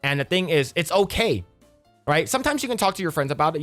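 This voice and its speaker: A young man ranting in casual reaction commentary, profane and animated, sometimes quoting friends in put-on voices. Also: fairly high pitch, quick pace, faint music behind.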